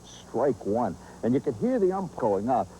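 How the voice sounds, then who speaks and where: The rough recording, with slight background noise, captures a man hosting and telling a humorous, nostalgic story rich in vivid asides. He's animated, with a medium pitch and a slightly slow pace.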